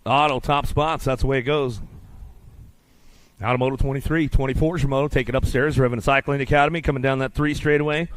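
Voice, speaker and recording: A man calling live BMX races in rapid, rhythmic announcer patter at an outdoor track. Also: medium pitch, fairly even intonation, a little hiss or hum. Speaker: race announcer. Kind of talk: live BMX race commentary.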